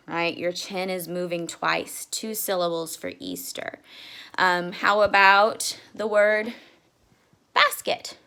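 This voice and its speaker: A woman teaching young children, patient and sounding out words slowly. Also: lowish voice, steady tone, creaky, pushed and bright. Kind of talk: children's lesson.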